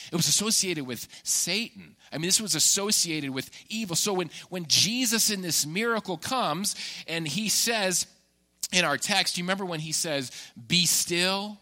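A man preaching a sermon in a church, telling stories in a conversational, animated way. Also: a little high. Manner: conversational, animated storytelling with laughs. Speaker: pastor.

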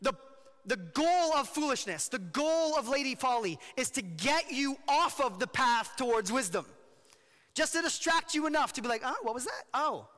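A male pastor giving an animated, jokey sermon, often asking his listeners questions. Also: extremely high pitch, moderate pace, in a large hall, faint music behind.

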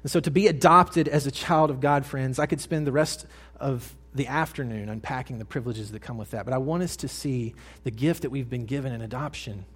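A young adult male pastor preaching a sermon, earnest, dropping to hushed tones and then rising to loud emphatic lines. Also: medium pitch, brisk, few pauses, slightly rough.

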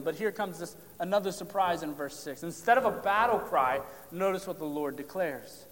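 A man delivers a sermon in a fairly high voice. He preaches with emphasis, then drops to near-whispers to drive a point home. His words ring out in a long reverberant hall. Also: normal speed, hardly any pauses. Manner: emphatic, drops to hushed tones for stress.

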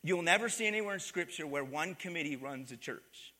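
High bright-voiced preacher in a reverberant church. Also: male voice, lively intonation, fairly quick. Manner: call-and-response preaching, asks the congregation to repeat. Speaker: pastor. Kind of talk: sermon. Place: church sanctuary.

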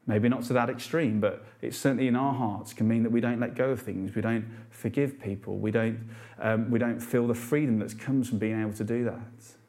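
A man's voice: mid-range voice, steady tone, fairly quick, darkish tone. A man preaching a sermon to a congregation in an earnest, unpolished way, asking rhetorical questions with some fillers and restarts.

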